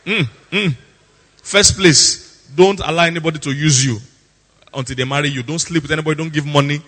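A man's voice: on the high side, quick pace, fairly bright tone, long reverb tail. A man preaching a sermon as a pastor. He is emphatic, repeats his lines for effect, and slips into theatrical impressions.

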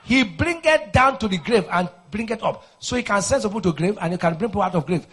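A man preaching a fiery deliverance sermon, shouting forceful declarations and then dropping into quieter explanation. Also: animated, fast talker, slightly rough. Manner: shouting, forceful declarations, swings to low intensity.

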